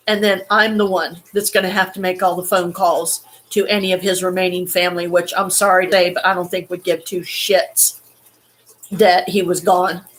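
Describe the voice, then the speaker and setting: Shaken woman holding back tears. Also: lowish voice. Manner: shaken, halting, swears, close to tears. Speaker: vlogger. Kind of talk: emotional personal story.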